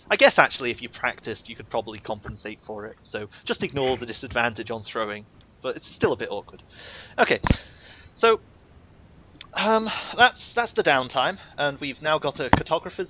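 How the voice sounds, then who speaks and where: A man running a tabletop game, explaining the rules in a rambling way with lots of ums. His voice is bright and forceful. The recording is slightly dull, with a faint rumble behind it. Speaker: game master.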